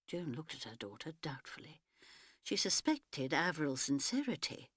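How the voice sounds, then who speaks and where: A woman reading a novel aloud as an audiobook narrator, measured and expressive. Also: low-pitched, slightly rough, no echo, clean studio sound.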